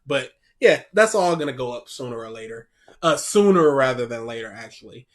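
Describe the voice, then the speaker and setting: A man's voice: medium pitch, animated, brisk. A man co-hosting a casual podcast, reading out listener questions and answering bluntly in short replies. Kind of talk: casual chat.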